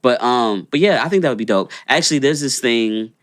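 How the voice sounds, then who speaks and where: A young man co-hosts a podcast, chatting casually in a laid-back, rambling way full of fillers. His mid-range voice is expressive, a bit fast and fairly bright, recorded in studio quality with no room sound.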